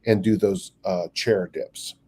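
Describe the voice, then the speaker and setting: Older coach guy rambling along, low husky mellow voice. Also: fairly even intonation, slow. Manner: rambling storyteller, acts out quotes. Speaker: strength coach. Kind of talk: casual podcast chat.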